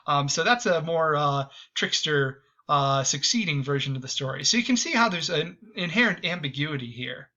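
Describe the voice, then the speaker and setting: A man's voice: a little high, expressive, normal speed, few pauses, pushed and bright, highs cut off. A man hosting a history video, giving a casual spoken lecture with many hesitant ums and restarts.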